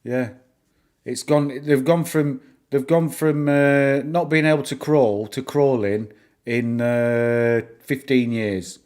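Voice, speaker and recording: A middle-aged man chatting through a live stream at a mid-range pitch. He rambles from point to point in a casual, easygoing way, often amused by his own asides. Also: fairly even intonation, slow, darkish tone. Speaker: stock-market live streamer.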